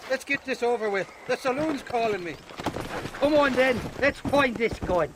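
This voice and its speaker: A blustering Irish drunk. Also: male voice, extremely high pitch, animated, moderate pace, noisy background. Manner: rambling, wheedling, colourful. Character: boastful, crude Irish drunk gun dealer. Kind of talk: video game cutscene acting. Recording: game audio with outdoor ambience.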